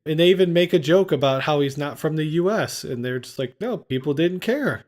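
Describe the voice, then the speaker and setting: A man's voice: a little high, animated, brisk, darkish tone. A man hosting a casual movie-review podcast, recapping scenes and acting out lines. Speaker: podcast host.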